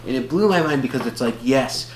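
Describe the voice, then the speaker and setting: A man's voice: medium pitch, animated, a little fast. A man co-hosting a casual movie review podcast, rambling along with lots of fillers and restarts. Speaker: podcast co-host. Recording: roomy echo with faint hum.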